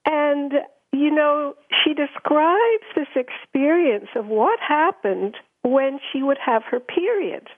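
A woman guest telling a story in a radio interview, acting out the quoted voices with lively energy over a phone line. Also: high-pitched, slow, few pauses. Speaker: guest speaker. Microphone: telephone.

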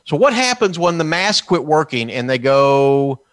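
A man's voice: a little high, big pitch swings, a little slow, few pauses, fairly bright tone, no echo. A man from Texas giving a heated political talk, combative and sarcastic, mocking officials as he goes. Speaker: political commentator.

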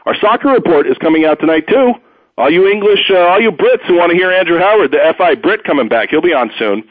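A man hosts a talk radio show, rambling from story to story with blunt, opinionated asides. His voice sits fairly high and swoops around with lively pitch. The sound is thin and phone-like, dry with no room at all. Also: fast talker, no room sound. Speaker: radio host. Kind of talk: sports talk radio monologue.

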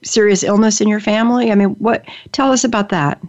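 A woman's voice: medium pitch, fairly even intonation, brisk, darkish tone. Chatty older woman hosting, lo-fi. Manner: chatty, enthusiastic, many restarts. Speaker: podcast host. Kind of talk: casual interview chat. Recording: dull lo-fi audio.

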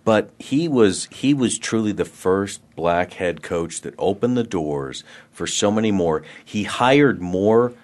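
A man on a sports talk panel giving earnest, measured opinions. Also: on the low side, expressive, darkish tone. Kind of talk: casual sports radio banter.

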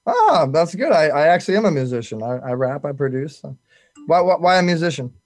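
A male talk show host who speaks at a rapid clip in a slightly raised voice. He is excitable and often trips over repeated words before getting a sentence out. The sound is dry, with no room echo. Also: fairly high pitch, soft background music. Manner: fast, excitable, repeats words when starting. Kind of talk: casual talk show chat.

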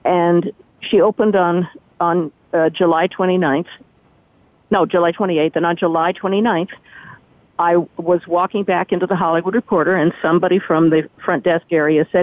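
A woman's voice: lowish voice, moderate pace, dry recording. Older woman telling stories over a tinny phone line. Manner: animated storyteller who acts out quoted speech. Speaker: guest, former entertainment reporter. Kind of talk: storytelling interview.

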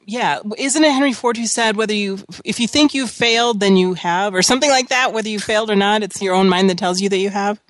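A woman's voice: mid-range voice, quick pace, few pauses, no room sound. Chatty woman co-host sharing quotes. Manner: conversational, quotes sayings, light laughter. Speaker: podcast co-host. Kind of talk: reflective casual chat.

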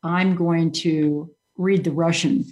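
Woman host, casual chat, unhurried and low-pitched, rambly with fillers. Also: steady tone, a little mellow. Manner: chatty, many ums and restarts. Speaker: show host.

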